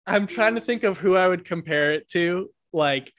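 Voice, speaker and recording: A podcast co-host chats casually, his voice sitting a little high for a man. He talks in halting bursts full of fillers and restarts and reads book excerpts aloud with amusement. The sound is close and dry, with no room around it. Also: fairly bright tone, no echo. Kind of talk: casual chat.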